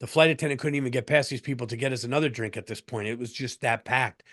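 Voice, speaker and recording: Animated man telling a comic story. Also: medium pitch, fast talker. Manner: animated, breaks into laughter, lots of restarts. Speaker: comedian podcast host. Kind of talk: comedic storytelling monologue.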